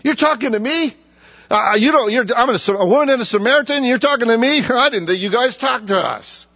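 A man's voice: extremely high pitch, expressive, a little fast, vocal fry, pushed and bright, no room sound, pitched above the performer's own voice, full character voice. A man preaching who voices a rude, indignant woman at a well, mocking and stammering in disbelief, on a dull recording. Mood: incredulous.

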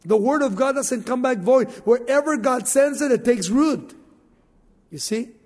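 A man's voice: extremely high pitch, a little slow, a little mellow, long reverb tail. A male pastor preaching a sermon, telling stories with animation and asking the congregation questions.

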